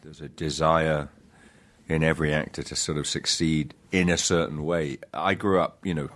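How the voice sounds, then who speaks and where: A man with a very deep, low voice, chatting as a podcast guest. He tells stories in a halting, self-interrupting way and often pokes fun at himself. He sounds middle-aged and easygoing. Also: little pitch movement, fairly bright tone. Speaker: guest actor.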